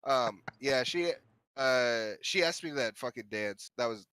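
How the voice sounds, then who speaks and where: Brief: young male co-host, bright edgy tone, dry mic, rambling swearing storyteller. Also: mid-range voice, lively intonation, measured pace, clear, resonant tone, dry recording. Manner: profane, rambling, shouts in mock rants. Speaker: podcast co-host. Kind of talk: casual storytelling chat.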